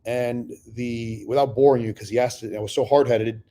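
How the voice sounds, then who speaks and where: A middle-aged man spins a long personal story in a relaxed podcast chat. His voice is mellow and warm at an ordinary pitch. He swears often and slips into other people's voices as he quotes their words. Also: a little fast. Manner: profane, animated storyteller acting out dialogue. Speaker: real estate investor telling his story.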